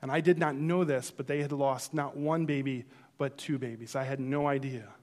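A man's voice: mid-range voice, steady tone, normal speed. A man preaching a sermon, telling a personal story and acting out his own reactions. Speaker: pastor.

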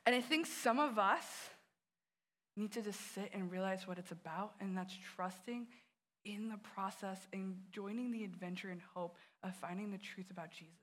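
A woman's voice: medium pitch, normal speed, fairly bright tone. A woman youth director giving an earnest sermon, telling personal stories and speaking straight to the listeners.

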